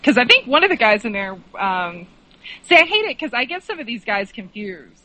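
A woman's voice: a little high, sing-song, fairly quick, bright, forceful tone, poor audio. A woman guest in a casual film chat, enthusiastic and rambling with frequent restarts. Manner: enthusiastic, rambling, laughs often.

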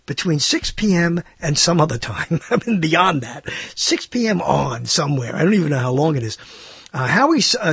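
A man's voice: a little high, vocal fry, a bit bright, breathy edge, no room sound. A man hosting a live internet radio talk show, rambling and hesitant, with self-mocking asides.

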